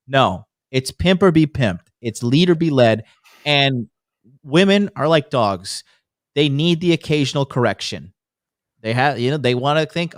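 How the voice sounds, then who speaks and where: A man's voice: on the high side, expressive, normal speed, dry recording, studio quality. A man guesting on a podcast who tells stories in a brash, boastful way and swears constantly. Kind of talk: casual storytelling.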